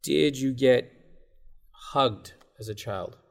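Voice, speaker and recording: A man's voice: mid-range voice, takes it slowly, gravelly. Guy hosting a podcast, teasing his guest with playful questions, casual interview. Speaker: podcast host. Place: comedy club.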